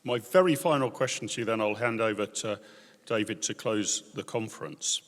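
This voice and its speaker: A man's voice: on the low side, normal speed, fairly bright tone. A man hosting a conference and asking the guest long, rambling, searching questions. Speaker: conference host and interviewer. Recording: reverberant conference hall.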